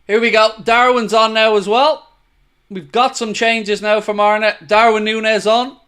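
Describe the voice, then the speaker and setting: A man hosting a live football watchalong, excitable and blunt, swearing freely as he talks. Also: sits high, measured pace, smooth. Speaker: host of a fan watchalong.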